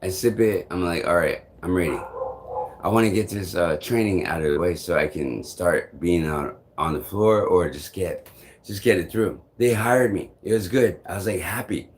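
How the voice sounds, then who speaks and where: A man with a somewhat low voice talks straight to his vlog audience. He rambles through a personal story, loops back on himself with "I'm like," swears casually and chuckles along the way. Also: normal speed, a little hiss or hum. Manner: meandering, repeats "I'm like", swears freely, chuckles often. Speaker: vlogger.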